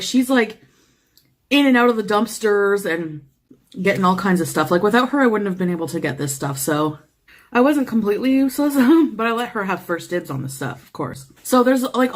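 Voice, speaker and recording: Wheezy, rambling woman vlogger. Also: medium pitch. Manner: rambling, full of fillers. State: out of breath, wheezy. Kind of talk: casual show-and-tell vlog.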